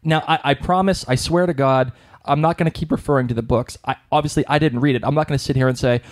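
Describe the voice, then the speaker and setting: A man's voice: medium pitch, fairly even intonation, fast. Chatty man with a Boston accent. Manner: chatty, rambling, with frequent restarts. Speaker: podcast co-host. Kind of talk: casual chat.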